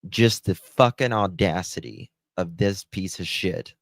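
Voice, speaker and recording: A man's voice: deep voice, unhurried, creaky, no room sound, studio quality. A man giving angry, profane, sarcastic commentary on case documents as a true crime host.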